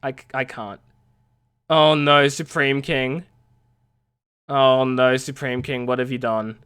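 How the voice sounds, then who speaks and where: A woman's voice: extremely low pitch, flat delivery, takes it slowly, fairly bright tone, clear, resonant tone. A woman streamer chatting casually, stammering and mocking herself with minced swears.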